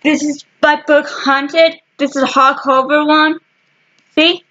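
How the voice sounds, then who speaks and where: Woman, casual vlog chat, halting fragmented speech, slow pace, muffled low-fi sound. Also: flat delivery, sharp tone. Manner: halting, restarts often, talks in short fragments; slow and rambling. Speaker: vlogger showing her book collection.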